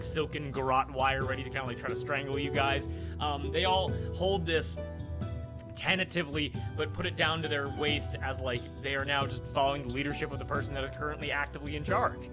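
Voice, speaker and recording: A man runs a tabletop role-playing session as game master. He narrates in a loose, easygoing way, full of fillers, with a voice sitting a little high for a man. Music plays behind him. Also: fairly even intonation, normal speed. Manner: casual, filler-heavy, laughing often.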